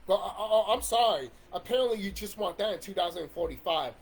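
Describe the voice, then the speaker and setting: A man's voice: high-pitched, brisk, hardly any pauses, slightly rough. A man in a casual ranting monologue about video games, swearing and rambling with restarts. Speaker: YouTube commentator.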